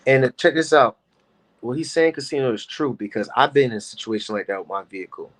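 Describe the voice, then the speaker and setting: Man co-host, mid-pitched voice, loose conversational delivery. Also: expressive, brisk, a bit bright, low-quality recording. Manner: conversational, loose, asks questions. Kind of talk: casual chat.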